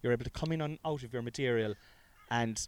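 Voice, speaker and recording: A man's voice: medium pitch, quick pace, clear, resonant tone. A man hosting a casual comedy podcast, rambling with fillers and chuckles while running an improv game. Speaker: podcast host.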